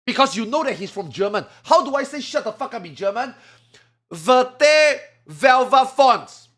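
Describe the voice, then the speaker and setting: A man streaming a game, muttering to himself and then breaking into loud, sweary rants, switching between English and Chinese. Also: big pitch swings, fast. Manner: swings from low muttering to loud angry outbursts, swearing. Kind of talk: casual live-stream talk.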